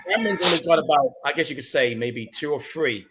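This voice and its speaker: A man's voice: a little high, fast, very noisy. A man co-hosting a movie watch-along podcast in casual chat, frank and profane. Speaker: podcast co-host.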